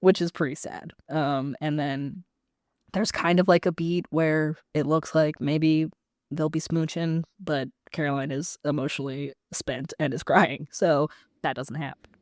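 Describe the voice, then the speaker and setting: A podcast co-host chatting casually, sarcastic, acting out scenes from a show in quick voices. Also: mid-range voice, steady tone, no echo, clean studio sound. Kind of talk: casual chat.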